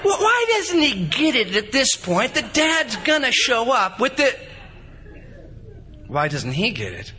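A man in his thirties preaching a sermon in an animated, repetitive style, acting out little stories from home. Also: very high voice, unhurried, a little hiss or hum. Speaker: pastor.

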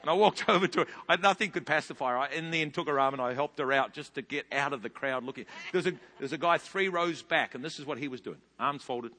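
Male pastor, fifties, New Zealand accent, lively storyteller with a bright, high voice. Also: quick pace, few pauses. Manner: animated storytelling with big loud rises. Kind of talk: sermon. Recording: long hall reverb.

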